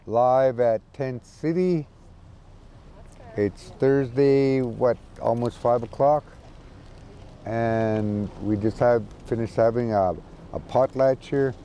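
A man giving a casual, halting spoken report from an outdoor camp, with many restarts. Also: medium pitch, warm tone, clean tone. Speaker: community advocate calling in from a camp. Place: outdoor encampment.

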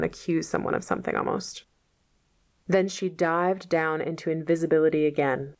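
A woman reads a novel aloud as a lesson, pausing to explain old-fashioned words in plain, simple language. Her voice is fairly low with a noticeable creak. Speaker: teacher reading a novel aloud.

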